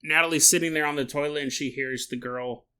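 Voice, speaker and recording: A man hosting a solo podcast, telling a strange story in a jokey, animated way, laughing often, with a sore throat. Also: fairly high pitch, brisk, clear, resonant tone. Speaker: podcast host.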